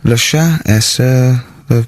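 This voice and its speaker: A radio host speaking into a close, dry studio mic at an average pitch for a man. He chats casually and tells his stories with animation, often jumping into loud put-on voices for the people in them. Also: slow, dry recording. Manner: animated storyteller who acts out shouting characters. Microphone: studio microphone.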